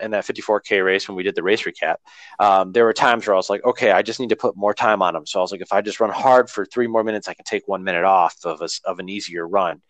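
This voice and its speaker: Man, earnest rambling talker, lowish voice, dry close sound. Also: fairly bright tone, dry recording. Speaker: runner talking about training. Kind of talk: casual podcast conversation.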